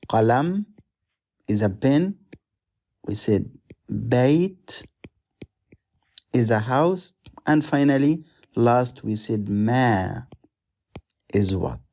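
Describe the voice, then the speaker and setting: A man's voice: mid-range voice, mellow. A man teaching an online lesson in English, patiently repeating each word and drilling it step by step. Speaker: Arabic teacher. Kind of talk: slow explanatory lesson.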